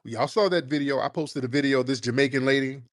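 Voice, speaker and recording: A man's voice: medium pitch, fast, no echo. Guy hosting a call-in show, blunt and slangy, fired up, dry close sound. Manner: blunt, combative, slangy, repeats "see". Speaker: host. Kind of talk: political commentary on a live call-in stream.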